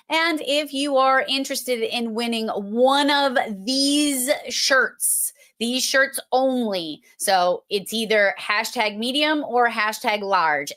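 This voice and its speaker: Slow-talking woman hosting a livestream. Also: on the high side, fairly bright tone. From Massachusetts. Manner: playful, teasing, talks to the chat. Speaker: livestream host. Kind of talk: casual livestream chat.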